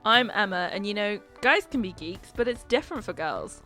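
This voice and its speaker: Wry British woman, quick to laugh. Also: medium pitch, animated, sharp tone, faint music behind. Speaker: podcast co-host. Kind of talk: casual chat.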